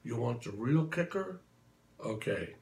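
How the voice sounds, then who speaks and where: A man in his sixties tells stories straight to the camera in a chatty, anecdotal way. His voice sits at a medium pitch. He slips into little voices for the people in his stories. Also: very animated, a little slow, gravelly, darkish tone. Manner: chatty anecdotal, acts out quotes. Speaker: tribute performer telling stories. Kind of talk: casual storytelling to camera.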